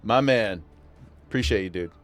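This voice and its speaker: A man's voice: on the low side, normal speed. A man streaming a game, chatting casually and enthusiastically thanking viewers. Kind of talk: casual gameplay livestream chat.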